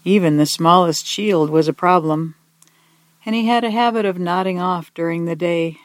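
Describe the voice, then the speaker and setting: A gentle storyteller reads a children's picture book aloud in a soft, mid-pitched voice. The delivery is expressive and unhurried, slowing to linger on key words. The sound is dry and close, with no room echo.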